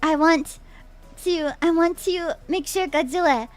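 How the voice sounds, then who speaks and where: Soft music plays behind a young woman's very high voice as she talks at a measured pace. Streaming as a VTuber, she reads viewer messages aloud and chats playfully, frequently laughing and repeating her own phrases.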